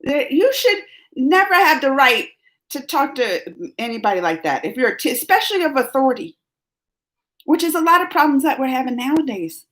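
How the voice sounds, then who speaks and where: A woman's voice: high voice, sing-song, brisk, fairly bright tone. A middle-aged woman telling a long, fired-up story on a live stream, rambling and emphatic.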